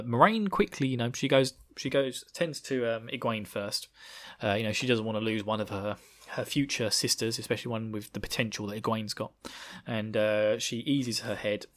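Animated, slangy male podcast host. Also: lowish voice. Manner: animated, laughing, slangy storytelling. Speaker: podcast host recapping a book. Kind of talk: casual chat.

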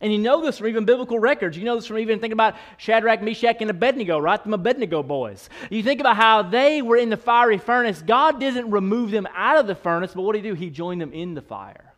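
A male pastor preaching a sermon in an animated, playful way, speeding up and slowing down as he goes. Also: high voice. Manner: animated, playful, shifting pace.

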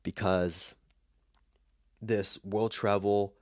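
Speaking very slowly in a fairly low, level tone with no room sound, a young man from the Los Angeles area tells an emotional personal story. He's reflective and casual, tearing up, full of fillers and restarts, and often sinks to a soft near-whisper.

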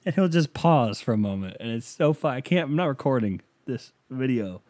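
A man's voice: mid-range voice, animated, normal speed, a little mellow. A man hosting an audio podcast in a casual comedic monologue, swearing often and laughing at his own jokes. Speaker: podcast host.

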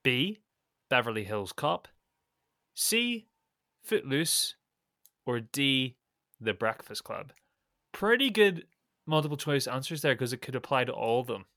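Bright-voiced man reading quiz questions. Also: mid-range voice, very animated, unhurried, pauses often, no echo, clean studio sound. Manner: reads questions and options with a playful lilt. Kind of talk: casual quiz podcast chat.

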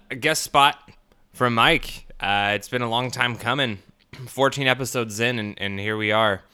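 A podcast host with a lowish, pushed, bright voice that is clear and resonant does a solo episode, rambling with plenty of fillers and crude jokes. He's talking through a swollen split lip in this casual monologue.

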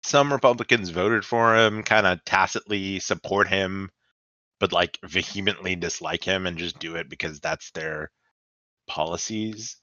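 A man with a very low voice talks in a casual political podcast, trading sarcastic, mock-serious jokes. His tone is bright and forceful. The sound is dry and dull, like a lo-fi mic. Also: a little slow, no room sound. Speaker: podcast co-host.

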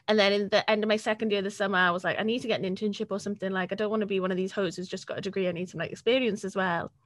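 A young woman, chatting casually as an interview guest, sweary and quick to laugh. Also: medium pitch, steady tone, dry recording. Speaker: podcast guest, freelance journalist.

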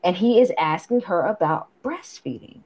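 A woman co-hosting a movie review podcast, retelling scenes in casual, profane, animated chat. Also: on the low side, normal speed, slightly rough, dull audio. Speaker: podcast co-host.

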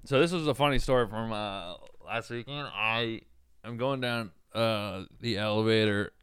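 A man's voice: on the low side, normal speed, a bit bright, smooth, dry recording, studio quality. A young man co-hosting a podcast, telling stories in a laid-back way and laughing often. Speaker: podcast co-host. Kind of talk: casual podcast chat.

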